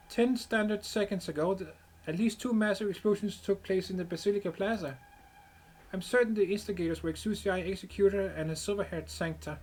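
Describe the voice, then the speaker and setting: A man's voice: high voice, voice pushed up, poor audio. A man reading a game character's battle analysis in a clipped, matter-of-fact way.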